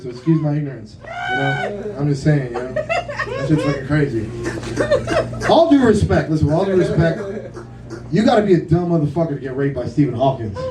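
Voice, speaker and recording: A man's voice: fairly high pitch, distant mic. A man from Puerto Rico doing a stand-up comedy set in a bar, profane and laughing through his jokes. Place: kava bar comedy night, indoors. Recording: roomy bar audio from afar, crowd audible. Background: crowd laughter.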